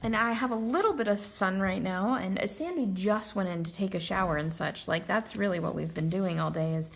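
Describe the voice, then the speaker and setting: A woman with a Texan accent talks through a coloring tutorial in an easygoing livestream chat. She sounds worn out but laughs a lot, and her voice has a gravelly, fried edge at a middling pitch. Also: fairly quick. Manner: chatty, laughs often. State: tired. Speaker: craft tutorial host.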